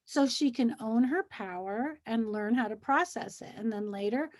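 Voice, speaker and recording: A woman's voice: fairly high pitch, normal speed. A woman in casual conversation, telling stories animatedly and acting out the things people say in a soothing or mimicking voice. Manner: animated storyteller, acts out quotes; soothing, gentle when quoting a child. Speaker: co-host. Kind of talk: casual chat.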